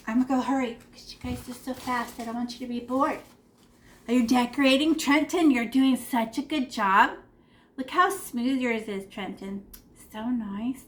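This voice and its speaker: A bright-voiced woman leads a children's painting class over a video call from her room at home. She sits high in her register and keeps up a lively, encouraging patter meant for young kids. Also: moderate pace. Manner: animated, encouraging, talks to kids. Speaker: art teacher. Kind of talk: online art class for children.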